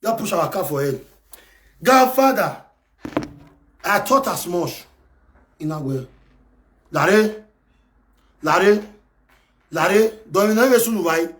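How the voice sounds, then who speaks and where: Nigerian man, loud scolding live-stream rant, pitch leaping high and low. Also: expressive, moderate pace, a little hiss or hum. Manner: shouting, scolding and taunting in Pidgin-laced English. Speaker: live video host. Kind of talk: angry ranting live stream. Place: abroad in France.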